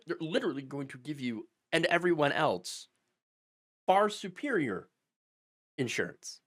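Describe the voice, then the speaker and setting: Animated sarcastic man hosting commentary. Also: mid-range voice. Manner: animated and sarcastic, with constant "okay?" tags and mocking mimicry. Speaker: political commentary host. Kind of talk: political commentary vlog.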